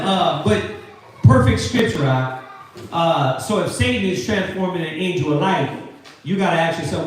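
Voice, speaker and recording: Animated preacher man in an echoey room. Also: a little high, moderate pace, far from the mic. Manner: animated preaching with slangy asides and questions to the class. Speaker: teacher leading a Sabbath scripture class. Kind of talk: call-and-response scripture teaching. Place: classroom or meeting hall with a live group.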